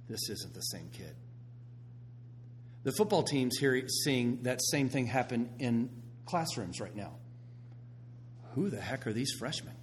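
Animated middle-aged male pastor preaching. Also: fairly low pitch, a little hiss or hum. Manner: animated storytelling, swings between loud and hushed. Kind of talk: sermon.

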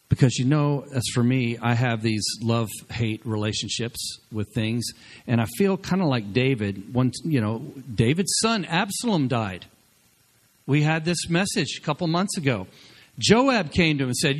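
A male pastor preaching a sermon, exhorting the congregation with energy and swinging between loud bursts and quiet asides. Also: mid-range voice, animated, moderate pace.

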